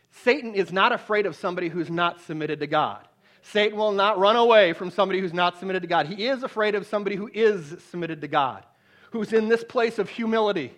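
A male preacher delivers a sermon, moving back and forth between loud, forceful high points and quiet, hushed storytelling. He frequently repeats words when starting a phrase over.

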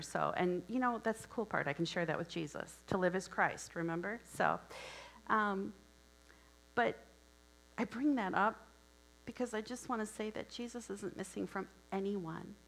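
A woman's voice: mid-range voice, moderate pace, a bit bright, rough recording. Woman preacher, casual storytelling sermon, hum in background. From Wisconsin. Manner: conversational storytelling with asides.

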